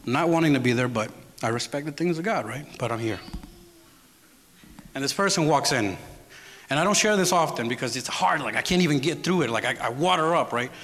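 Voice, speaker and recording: A man's voice: medium pitch, expressive, brisk, fairly bright tone. A man giving a sermon as guest preacher, telling a personal story in a conversational way and often checking in with the congregation. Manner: storytelling, conversational, asks the audience "right?". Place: church hall with congregation. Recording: church hall reverb with music.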